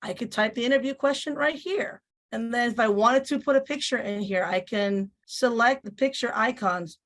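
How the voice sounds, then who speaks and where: An upbeat woman with a Spanish accent walks through a software demo for teachers. Her voice sits fairly high, and she switches into a lighter tone when she imitates on-screen prompts. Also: moderate pace. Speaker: teacher giving a training session. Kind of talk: instructional webinar demo.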